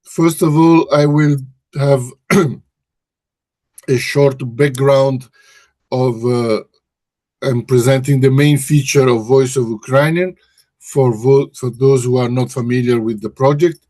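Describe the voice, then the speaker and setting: There's no room sound as a research director presents a webinar from an office in Brussels. He takes it slowly in a dark, mid-range voice with fairly even intonation, hesitating and frequently correcting himself.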